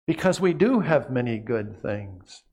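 An earnest male pastor delivering a sermon in a mid-pitched voice. He often sinks into a quiet, hushed delivery on key phrases and repeats words as he reaches for the next thought. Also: very animated, measured pace, husky.

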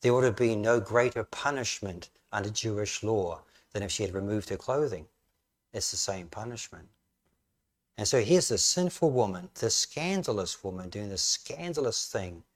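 A man's voice: fairly low pitch, expressive, moderate pace. A man preaching a sermon, telling the story vividly and rising to emphatic questions. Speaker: pastor.

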